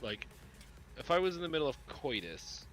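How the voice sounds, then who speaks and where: Teasing man, lively swinging voice. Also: on the high side, moderate pace, soft background music. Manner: teasing, crude, swings between loud and quiet. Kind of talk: casual banter.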